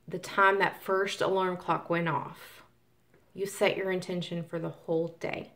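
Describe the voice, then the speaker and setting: A woman's voice: on the low side, level tone, slow, fairly bright tone. A woman vlogging casually about manifestation, rambling with many ums and restarts and acting out grumbling complaints. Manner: acts out grumbling quotes of tired workers. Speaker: spiritual vlogger. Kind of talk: casual talk to camera.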